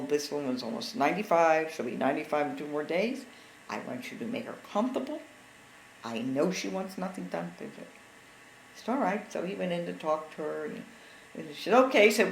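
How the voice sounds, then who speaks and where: A woman in her sixties tells a family story in a relaxed, conversational way and slips into the voices of the people she quotes. Her voice sits fairly low. The room sounds echoey, with a faint hiss of background noise. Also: gravelly. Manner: animated, acts out quotes of others. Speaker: interviewee telling family stories. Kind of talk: casual storytelling.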